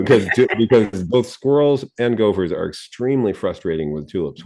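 A man's voice: on the low side, expressive, normal speed, hardly any pauses, dark tone, husky. A man co-hosting a radio garden show, giving friendly, explanatory advice and chuckling often.

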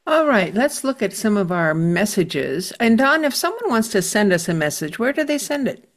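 A woman's voice: medium pitch, big pitch swings, normal speed. A woman with a mid-range voice co-hosts a radio garden program. She moves the show along in a light, conversational manner and reads out listeners' letters. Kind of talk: radio call-in host reading listener messages.

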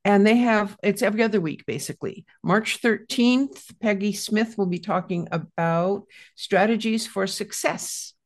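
A woman's voice: medium pitch, normal speed, hardly any pauses. A woman co-hosting a casual radio garden show, reading out event announcements in a chatty way and correcting herself along the way.

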